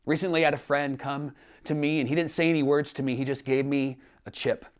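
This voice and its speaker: A man's voice: on the high side, fairly even intonation, a little fast. A man, a pastor, preaching a sermon with earnest storytelling and rising emphasis. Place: church streaming from home.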